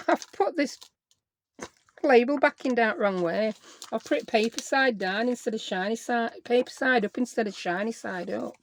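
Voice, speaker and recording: A woman's voice: on the high side, moderate pace, a little hiss or hum. A woman hosting a casual crafting vlog, chatty and self-deprecating, talking to herself as she works. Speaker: craft channel host.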